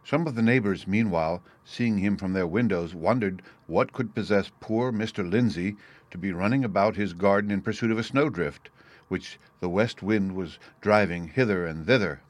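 A man giving a measured storybook narration. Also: fairly low pitch, dry recording. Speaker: reader.

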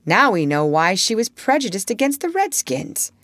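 A woman's voice: mid-range voice, big pitch swings, moderate pace, a bit bright, no echo, clean studio sound, pitched above the performer's own voice. A woman reading the part of a prim, motherly young girl who speaks formally and properly.

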